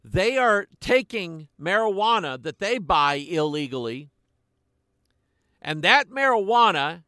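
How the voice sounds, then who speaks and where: Older male preacher, slow, measured delivery, higher-pitched voice, dry close sound. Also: sing-song, bright, forceful tone, no room sound. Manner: slow, deliberate preaching with pauses. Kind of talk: sermon.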